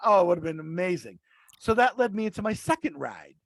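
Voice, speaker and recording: High, gravelly man telling stories. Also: sing-song, fast, no echo. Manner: rambling, restarts mid-sentence. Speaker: podcast regular, rideshare driver. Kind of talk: casual storytelling.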